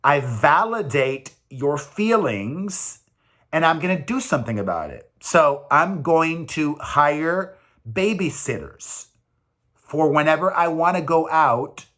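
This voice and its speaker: Male vlogger, 40s, slightly high voice, rambling and emphatic, casual confessional delivery. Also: sing-song, slow, a bit bright. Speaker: vlogger, single father.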